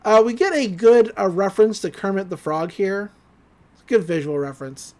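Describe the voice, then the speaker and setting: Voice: medium pitch, fairly quick, dark tone. A podcast host recapping a cartoon episode in casual chat, laughing often and acting out the characters' lines.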